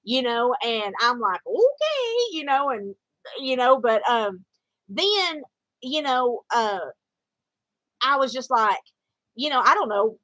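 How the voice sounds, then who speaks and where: Lady rambling through a story, lots of um and you know, bright voice, dry close mic. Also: on the high side, takes it slowly, pauses often, no room sound, rough recording. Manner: rambling, many fillers and restarts. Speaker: vlogger. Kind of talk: casual storytelling.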